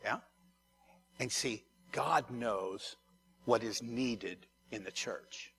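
A man's voice: mid-range voice, very slow, gravelly, a bit bright, faint music behind. A man, a pastor, preaching a conversational sermon to his congregation, often repeating words and turning to the listeners.

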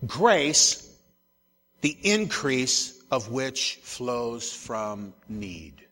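A man's voice: mid-range voice, big pitch swings, drawn-out words, sharp tone. A male pastor preaching a sermon, emphatic and repeating his key phrases, speaking familiarly to his congregation in a church. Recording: long echo of a large church hall.

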